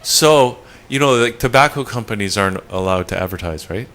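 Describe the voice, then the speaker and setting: A man with a fairly low, bright and forceful voice throws out ideas in an animated way, often checking for agreement. Faint background noise sits under him. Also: fairly quick. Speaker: meeting participant. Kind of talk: casual group discussion.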